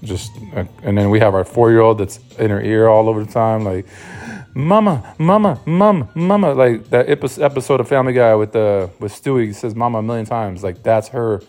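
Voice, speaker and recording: Over soft background music, a man hosts his own podcast in a casual solo monologue, speaking fairly quickly with few pauses. His lowish, warm voice keeps fairly even intonation. A sleep-deprived new father, he rambles, swears, and restarts often.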